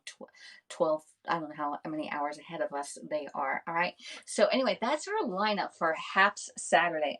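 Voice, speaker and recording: Chatty woman hosting a live cooking stream. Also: fairly low pitch. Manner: chatty, ends lines with "all right?", thanks viewers by name. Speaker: live-stream host selling kitchenware. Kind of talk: casual live cooking demo. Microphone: phone camera.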